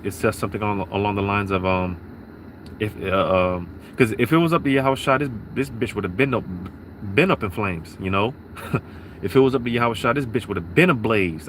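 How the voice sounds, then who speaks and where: A man's voice: on the low side, brisk, fairly bright tone, a little hiss or hum. A man giving a rambling religious talk from his parked car, repeating himself with lots of fillers and sniffs. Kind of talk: casual religious monologue.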